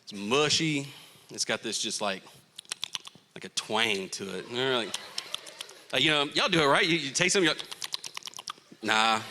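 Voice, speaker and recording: Animated Southern youth pastor, bright voice. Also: male voice, fairly high pitch, slight background noise. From Florida. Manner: animated, joking, playful asides to the crowd. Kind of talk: youth sermon.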